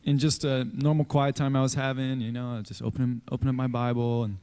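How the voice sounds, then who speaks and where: A man's voice: medium pitch, clean tone, big-room sound. A man telling a light, joking story at a memorial before he sings a song he wrote. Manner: relaxed, joking, brisk. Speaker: memorial speaker and singer.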